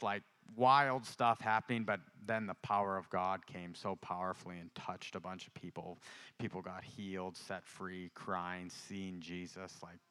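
Bright, clear-voiced man preaching. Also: low voice. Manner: conversational storytelling building to fervent exhortation. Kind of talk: sermon with personal testimony.

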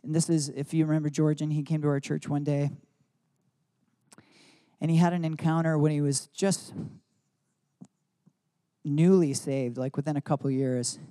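A man's voice: on the high side, fairly even intonation, moderate pace, long pauses, dark tone. A man telling personal stories in a sermon, casual and rambling with many "like" fillers. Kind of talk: sermon storytelling.

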